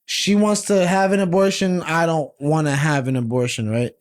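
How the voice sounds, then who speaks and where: A man co-hosting a podcast in casual chat, slightly tipsy, halting and restarting his words. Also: fairly high pitch, steady tone. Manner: halting, restarts words, says he is slurring from liquor. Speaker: podcast co-host.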